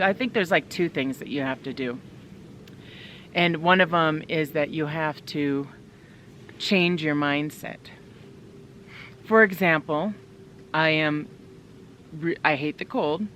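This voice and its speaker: A woman's voice: on the low side, unhurried, long pauses, fairly bright tone, a little hiss or hum. A woman vlogging from inside her tent in the snowy woods, chatting casually and upbeat straight to her viewers. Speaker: solo winter camping vlogger. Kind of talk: casual chat to camera.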